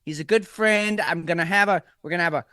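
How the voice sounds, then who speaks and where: Man putting on a boastful president voice, loud and brash, raised pitch, repetitive reassurances. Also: quick pace, no room sound, studio quality. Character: impression of a boastful male president.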